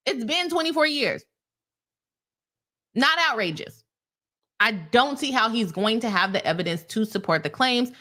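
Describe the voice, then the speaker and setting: In a mid-range voice at a moderate pace, a young adult woman gives casual legal commentary on a live stream, getting animated and heated as she calls her viewers "y'all."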